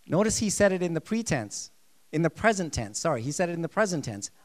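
A man preaching a sermon, emphatic and lively, repeating his key phrases. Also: a little high, fast talker. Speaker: pastor.

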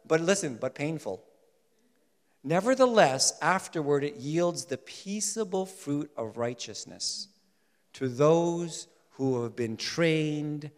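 A man preaching a sermon in an animated way, swinging between loud emphasis and soft asides. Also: on the high side. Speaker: pastor. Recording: long hall reverb.

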